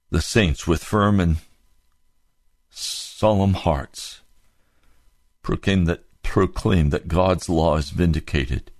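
A male preacher with a fairly low voice delivers an impassioned sermon. He drives home rhetorical questions and climbs to high, emphatic peaks. The sound is dry and close to the mic. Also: darkish tone, no room sound.

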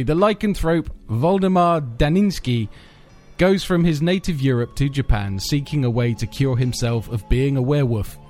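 A man's voice: mid-range voice, a little mellow. A man hosting a casual film podcast chat in a self-deprecating, laughing way. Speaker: podcast host.

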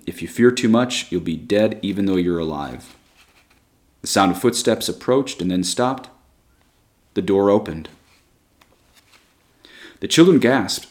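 A man reading a short story aloud in a measured, deliberate way. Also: fairly low pitch, a little mellow. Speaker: reader.

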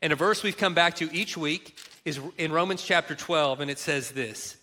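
A middle-aged male pastor delivers a sermon in a bright, forward voice that sits slightly high for a man. He speaks earnestly and leans on repeated phrases for emphasis. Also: moderate pace.

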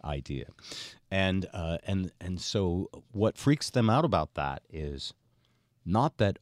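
A man's voice: low-pitched, a little slow, no room sound, studio quality. An older man hosting a chatty podcast, telling stories with many fillers. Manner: animated storyteller, many fillers. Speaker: host. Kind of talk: casual chat.

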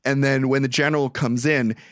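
A man's voice: medium pitch, a little fast. A man hosting a podcast, swearing freely as he animatedly recaps a movie plot. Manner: profane, animated storytelling. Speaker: podcast host.

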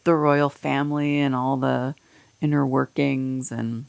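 Low-voiced woman rambling candidly. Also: little pitch movement, a little slow, creaky, darkish tone. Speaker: podcast host. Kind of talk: casual chat.

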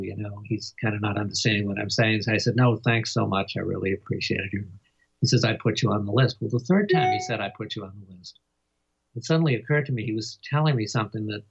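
An older man tells a long story, his low voice soft and a little husky. He pauses with fillers and chuckles often as he remembers. The recording sounds dull and lo-fi. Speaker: biographer. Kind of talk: interview storytelling.

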